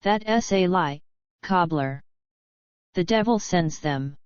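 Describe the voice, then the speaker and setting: A woman's voice: fairly low pitch, lively intonation, slow, clear, resonant tone, no echo. A woman voicing a hot-tempered middle-aged male joiner who rants and scolds, in a dry, slightly dull recording. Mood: furious. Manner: ranting, scolding.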